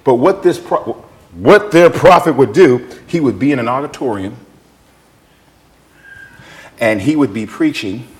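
A man preaching a sermon, jumping between shouted scripture and quiet, folksy asides as he tells stories. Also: mid-range voice, a little slow, pauses often. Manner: animated, swinging from shouted scripture to near-whispered asides; folksy, conversational storytelling.

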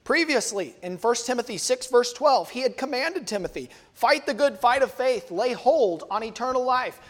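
A preacher giving an expository sermon in a measured teaching manner, reading scripture verses aloud as part of the sermon. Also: mid-range voice, lively intonation, fairly bright tone.

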